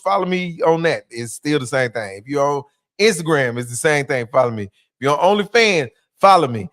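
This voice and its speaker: A man's voice: a little high, a bit bright, no room sound, clean studio sound. A man speaking as a comedian guest on a podcast, laid-back and joking, with lots of fillers and restarts. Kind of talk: casual podcast chat.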